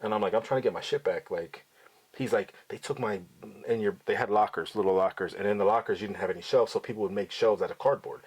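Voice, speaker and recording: A man's voice: fairly low pitch, fast, breathy edge. A middle-aged father hosting a podcast, telling his son stories in a blunt, profane, outspoken way. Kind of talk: casual storytelling to his son.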